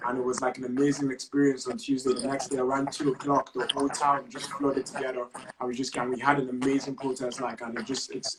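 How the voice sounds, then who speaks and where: A young man from Ireland answers questions on a live call, polite and hesitant, with frequent fillers. He talks quickly in a flat, level tone. A crowd can be heard clearly behind him. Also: mid-range voice, low-quality recording. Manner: polite, says "yes, sir", hesitant with fillers. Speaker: guest, protest organizer. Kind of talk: casual live chat.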